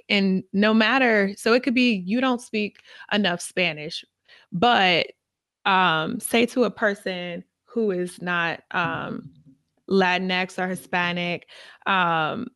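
Brief: female podcast host, lowish voice, reflective and searching, dry close sound. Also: slow, fairly bright tone, no room sound. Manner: reflective, many fillers and restarts while thinking aloud. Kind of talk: casual podcast conversation.

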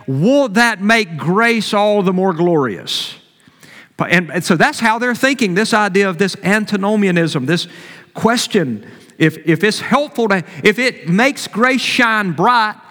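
A man with a high voice preaches from the pulpit, hammering key phrases and repeating them. His voice rings out in a church hall with a long reverb tail. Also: lively intonation, a little slow, sharp tone. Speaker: pastor. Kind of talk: sermon.

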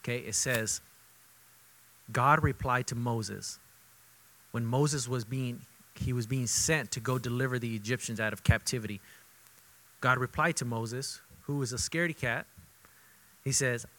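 A man preaching a sermon as pastor, conversational and repetitive for emphasis, moving between loud emphatic bursts and quiet intimate asides. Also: medium pitch, unhurried, long pauses, rough recording. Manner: conversational, repeats himself for emphasis.

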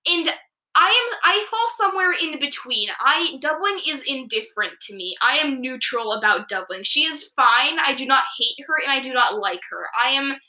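A woman's voice: high-pitched, lively intonation, moderate pace, sharp tone, reverberant, rough recording. A young woman hosting a casual chat, rambling enthusiastically as a fan and asking her friends questions.

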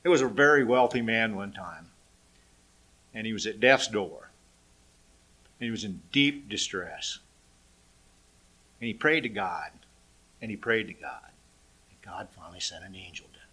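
Animated preacher man, bright voice. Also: fairly low pitch, unhurried, pauses often, husky. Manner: animated storytelling, raising and dropping his voice for effect. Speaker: pastor. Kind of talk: sermon with dramatic scripture reading.

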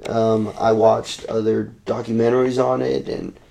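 A man in a casual podcast chat, telling rambling stories with halting restarts and casual swearing. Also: fairly low pitch, level tone, vocal fry, warm tone.

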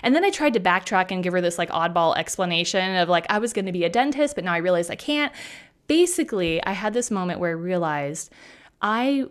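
A woman, a hairstylist guest, telling a story in a casual chat, acting out quoted lines with lively shifts of voice. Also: fairly low pitch, brisk, clear, resonant tone. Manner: animated, acts out quotes in bright voices.

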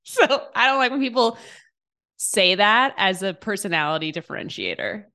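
A woman's voice: mid-range voice, expressive, moderate pace, pushed and bright. A woman co-hosting a podcast in casual chat, talking with lots of fillers and restarts. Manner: chatty, many fillers and restarts. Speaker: podcast co-host.

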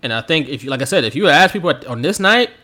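Animated, jokey podcast co-host, a man. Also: on the high side, fast talker. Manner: animated, jokey, laughs often. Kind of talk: casual chat.

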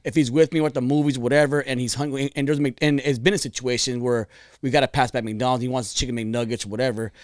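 A man co-hosting a casual, profane podcast chat, telling stories in a relaxed, rambling way. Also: medium pitch, fast talker, dry recording, studio quality. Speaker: podcast co-host.

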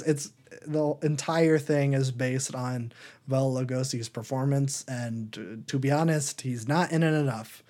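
A young man co-hosting a podcast, chatting casually about old movies with lots of fillers and jumping into a high voice for silly quotes. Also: mellow. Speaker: podcast co-host. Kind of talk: casual movie review chat.

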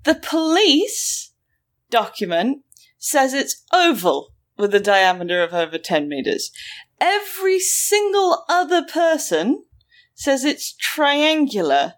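Woman host, lively sarcastic storyteller, fairly high voice. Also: slow. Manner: animated, sarcastic, acts out quotes. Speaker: podcast host telling a story. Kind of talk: casual storytelling chat.

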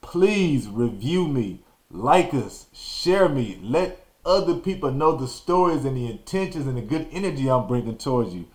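A man hosting a podcast, telling a childhood story in a casual, animated way and acting out quotes and sound effects. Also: mid-range voice, moderate pace. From Texas.

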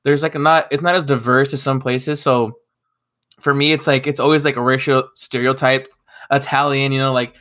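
A man's voice: medium pitch, level tone, moderate pace, fairly bright tone. A young man in his twenties hosting a podcast, chatting casually in a rambling way full of fillers and swearing. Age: 20s. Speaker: podcast host.

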